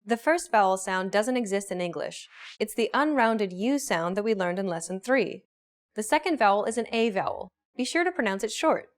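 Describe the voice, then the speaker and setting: A woman narrating a scripted pronunciation lesson with clear, measured explanations. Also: medium pitch, lively intonation. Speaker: pronunciation teacher.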